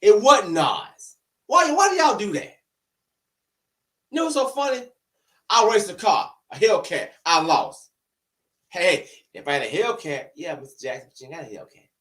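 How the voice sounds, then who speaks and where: A man's voice: sits high, sing-song, normal speed, long pauses, fairly bright tone, recorded from a distance. A man delivering a heated, argumentative opinion rant to the camera, repeating rhetorical questions to drive home his point. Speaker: online commentator. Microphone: camera-facing recording.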